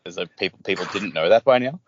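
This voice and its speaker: Excitable man, voice leaping around. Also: low voice, quick pace, no room sound. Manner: excitable, voice jumps when amused. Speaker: podcast co-host. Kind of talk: casual book-club chat. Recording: dry, dull home mic.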